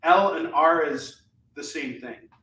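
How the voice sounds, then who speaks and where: A man hosting a live comic book sales show, chatting casually and enthusiastically, rambling with fillers as he pitches each book. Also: fairly even intonation, slow pace, pushed and bright. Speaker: live shopping show host selling comics. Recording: echoey room, mic at a distance, faint noise.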